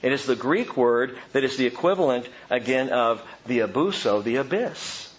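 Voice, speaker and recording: A man preaching a sermon, animated, calling his listeners "gang" and explaining scripture. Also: medium pitch, normal speed, highs cut off. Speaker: pastor.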